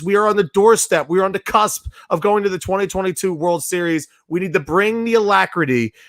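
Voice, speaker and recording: Sports radio host, man, hoarse, pumped up, higher-pitched voice, dry close sound. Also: fairly bright tone, dry recording. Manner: fired-up, rallying fans. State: losing his voice. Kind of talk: excited sports radio talk.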